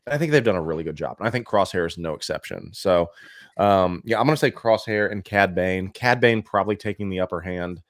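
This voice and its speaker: A man's voice: low-pitched, fairly quick, dry recording, studio quality. A man from Cincinnati, co-hosting a casual podcast chat, blunt and opinionated, swearing freely. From Cincinnati, USA. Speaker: co-host.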